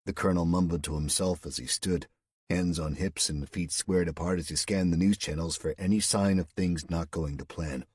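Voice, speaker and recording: A man narrating an audiobook in a steady storytelling manner. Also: low voice, moderate pace, breathy edge, dry recording, studio quality. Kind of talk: scripted narration.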